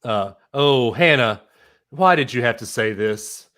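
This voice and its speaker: A man co-hosting a podcast in casual chat, excitable and reading out listener comments. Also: medium pitch, measured pace. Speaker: podcast co-host.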